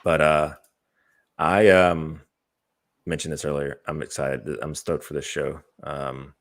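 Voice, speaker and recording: A man co-hosting a podcast, chatting casually about movie trailers with a relaxed, hesitant delivery full of fillers. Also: very deep voice, slow pace. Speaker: podcast co-host.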